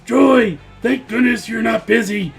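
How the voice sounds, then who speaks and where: A man's voice: extremely high pitch, vocal fry, faint music behind, exaggerated voice. A man voicing a bossy, self-assured young female witch with a military background, reading a visual novel aloud on stream. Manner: brisk, self-assured, pushy.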